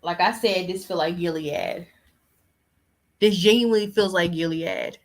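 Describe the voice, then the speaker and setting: A woman's voice: on the low side, unhurried. A woman hosting a podcast, giving casual, exasperated reaction commentary. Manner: exasperated, emphatic. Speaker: podcast host.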